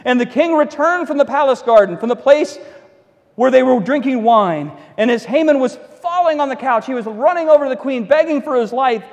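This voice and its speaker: High-voiced man preaching in a reverberant hall. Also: brisk. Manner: animated storytelling, acting out the characters and adding wry asides. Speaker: pastor. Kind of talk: sermon retelling a Bible story.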